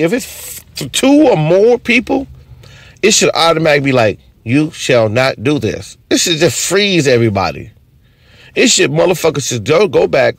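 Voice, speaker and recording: A man rants through an unscripted, profane comedy monologue. His voice sits a little high and swings widely in pitch. The recording is dry and close, with no room sound. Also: vocal fry, breathy edge, no echo. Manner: profane, ranting, animated.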